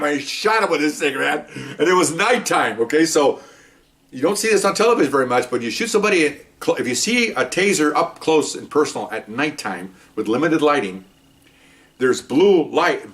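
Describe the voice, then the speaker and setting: An older man in his sixties spins a story at a rapid clip, acting out sounds and voices as he goes. He leans on "okay" and "you know" between beats. His voice sits a little back from the microphone. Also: medium pitch, sing-song. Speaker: retired police officer. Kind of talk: casual storytelling. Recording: voice a bit far from the mic.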